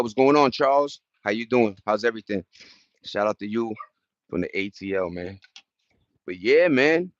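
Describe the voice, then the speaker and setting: A man's voice: medium pitch, no room sound, highs cut off. A middle-aged man hosting a livestream, telling loose, slangy stories in casual chat and greeting viewers from the chat between them. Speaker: livestream host.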